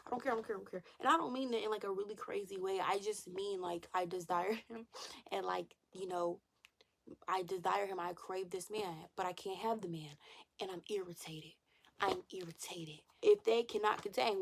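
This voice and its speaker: A woman's voice: medium pitch, vocal fry. A young woman vlogger talking candidly and animatedly about faith and desire, repeating phrases and sometimes dropping to a whisper. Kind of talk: candid casual chat to camera.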